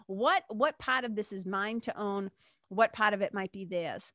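A chatty woman podcast host talks through a self-help monologue, dotted with fillers, mild swearing and laughs at herself. Her voice sits at a middle pitch and sounds close and dry, with no room around it. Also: moderate pace, a bit bright, no echo.

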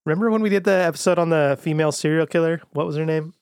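Chatty man, higher voice, dry sound. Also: very fast, darkish tone, no echo. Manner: reads lyrics aloud, chatty and joking. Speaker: podcast co-host. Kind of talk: casual podcast chat.

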